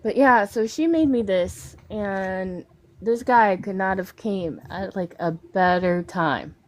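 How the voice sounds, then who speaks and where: A woman's voice: medium pitch, slow pace. A woman guest on an interview show, telling a painful personal story in a rambling, emotional way. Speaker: guest artist. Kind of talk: casual interview talk.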